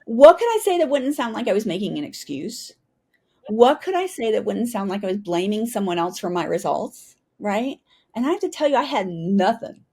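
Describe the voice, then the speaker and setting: A woman's voice: medium pitch, sing-song, moderate pace, mellow, husky. A middle-aged woman from the United States, a retired Army pilot, telling her story as a guest and often asking "right?". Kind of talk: storytelling interview.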